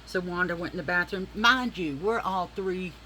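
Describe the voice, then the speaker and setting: A woman vlogging as she does her makeup, telling a story in a chatty, animated and profane way, acting out the people in it. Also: on the low side, normal speed, slight background noise, poor audio. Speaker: beauty vlogger.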